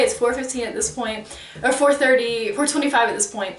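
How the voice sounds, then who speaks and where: Animated young woman telling a story. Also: on the high side, fast talker, a little hiss or hum. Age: 30s. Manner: animated, acts out quoted exchanges. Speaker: vlogger. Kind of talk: casual storytelling. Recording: roomy, mic at a distance.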